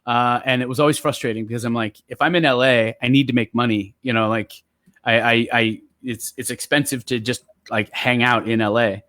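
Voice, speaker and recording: A man telling stories in relaxed, casual chat as a guest poet, with lots of fillers. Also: medium pitch, a little fast, no echo, clean studio sound. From San Jose area. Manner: relaxed, chatty storyteller with many fillers.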